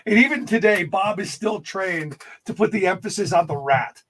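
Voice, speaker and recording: A man talking politics as a guest, blunt and emphatic, sometimes pushing almost to a shout. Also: sits high, moderate pace. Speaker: guest, political radio host. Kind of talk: political discussion.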